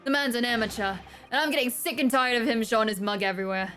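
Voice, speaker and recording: A woman reading the lines of a brusque, scornful middle-aged male police inspector in a game, with a slightly high voice. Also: fast, a bit bright, soft background music, natural voice. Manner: scornful, grumbling.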